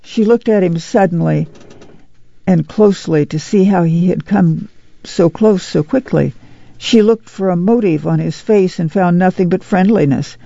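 A man narrating a novel as an audiobook in a measured, steady storytelling voice. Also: high-pitched, creaky, no room sound, highs cut off. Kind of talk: scripted literary narration.

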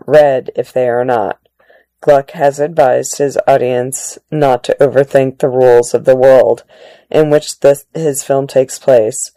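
Low, mellow woman reading articles aloud. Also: no room sound. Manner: measured, plain reading with occasional restarts. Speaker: narrator reading magazine articles. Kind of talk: article read-aloud narration.

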